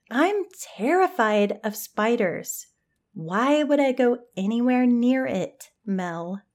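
Brief: woman playing a whiny, spider-scared teen girl, high-voiced, storybook. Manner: whiny, indignant. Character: jumpy teenage girl afraid of spiders.

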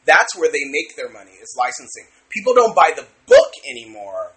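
A man's voice: on the high side, wildly swooping pitch, fairly quick, fairly bright tone. A man co-hosting a podcast in casual chat, rambling with restarts and laughing often. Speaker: podcast co-host.

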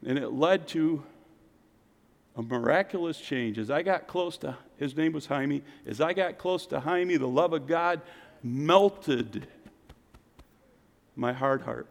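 A man preaching a sermon as pastor, swinging from loud exclamations to quiet, intense passages. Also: fairly high pitch, slow, creaky, pauses often. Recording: long reverb of a church hall.

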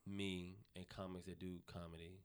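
A male stand-up comedian from Arkansas telling stories in casual podcast chat, profane and animated, slipping into mocking voices for the people he quotes. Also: deep voice, moderate pace, clean tone.

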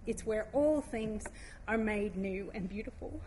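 A woman giving a heartfelt devotional talk, reading scripture aloud slowly and gently. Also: medium pitch, slight background noise.

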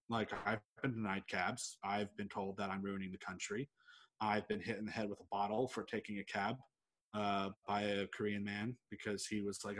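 A man's voice: lowish voice, fairly bright tone. A young man, chatting casually and telling a long story, rambling with lots of "like" and swearing freely. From United States. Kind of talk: casual chat.

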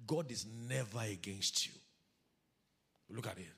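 A man preaching a sermon as pastor, animated, calling the congregation to read scripture aloud with him. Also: lowish voice, unhurried, creaky, slightly rough.

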